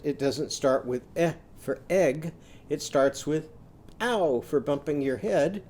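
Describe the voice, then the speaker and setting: Male teacher for small kids, unhurried call-and-response phonics chants, warm soft tone. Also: medium pitch. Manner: gentle prompting of children to join in. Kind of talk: phonics lesson for young children.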